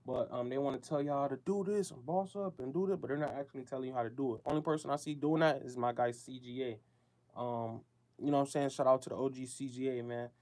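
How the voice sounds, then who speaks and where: A man's voice: mid-range voice, fairly even intonation, fast talker, darkish tone. Slangy man talking betting to listeners. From United States. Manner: loose, slangy and repetitive, talking straight to listeners. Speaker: show host. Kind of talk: casual talk-show monologue.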